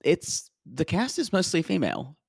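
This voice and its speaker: A man's voice: fairly high pitch, huge pitch swings, normal speed, creaky, slightly rough, no echo, studio quality. A man co-hosting a podcast in casual, giggly chat, often trailing off with fillers. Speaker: podcast co-host. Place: studio in Los Angeles.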